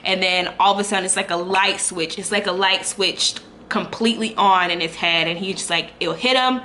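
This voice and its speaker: Bright-voiced young woman telling a rambling story. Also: medium pitch, fairly even intonation, moderate pace, slight background noise. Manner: rambling, candid, many fillers and restarts. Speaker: vlogger. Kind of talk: casual storytime chat.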